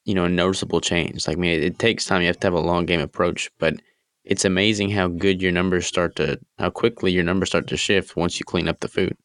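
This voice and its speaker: A man's voice: low voice, fairly even intonation, fast, fairly bright tone, clean tone, dry recording, studio quality. A man hosting an interview, chatting casually and reflectively with his guest. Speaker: podcast host.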